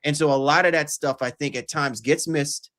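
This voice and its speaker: A man's voice: a little high, steady tone, normal speed, fairly bright tone. A man hosting a podcast, making long, emphatic arguments in casual sports chat. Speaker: podcast host.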